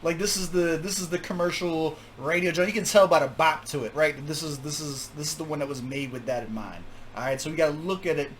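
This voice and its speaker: A man hosting a music reaction video, talking casually with jokes, laughter and quick asides. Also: fairly high pitch, slight background noise. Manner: animated, laughing, joking asides.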